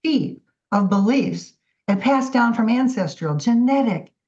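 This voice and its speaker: A woman guest artist telling her story in a casual, animated interview. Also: a little high, unhurried. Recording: dull lo-fi audio.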